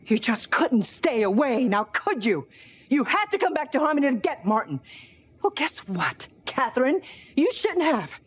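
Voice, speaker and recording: Brief: high, lively-voiced wife in a soap, accusing and emphatic, soft score behind. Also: female voice, normal speed, husky, full character voice. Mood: angry. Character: furious wife confronting husband's ex. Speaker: soap opera character. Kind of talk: daytime soap acting.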